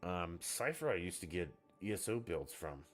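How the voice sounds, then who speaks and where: Male streamer, very low voice, loose and profane banter, a bit tipsy, faint music behind. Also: lively intonation, normal speed. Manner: rambling, swears freely. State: has been drinking. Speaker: game streamer. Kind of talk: casual live-stream chat.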